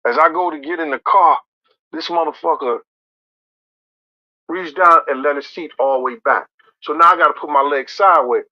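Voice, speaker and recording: A man recounting a story in profane street slang, acting out others' lines and rising to near shouts. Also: on the high side, moderate pace, no echo, dull audio. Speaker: storyteller in an interview clip.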